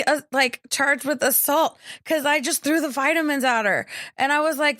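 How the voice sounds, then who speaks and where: A woman co-hosting a podcast, retelling a story in a heated, profane, animated way in casual chat. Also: sits high, moderate pace. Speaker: podcast co-host.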